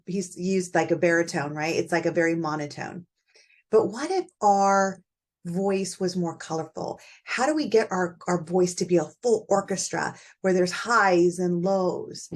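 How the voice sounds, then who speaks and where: A middle-aged woman hosting her own show, talking through her thoughts on parenting in a conversational way, with frequent fillers. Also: on the low side. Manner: warm conversational, thinking aloud with fillers. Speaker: podcast host. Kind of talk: reflective solo talk on parenting.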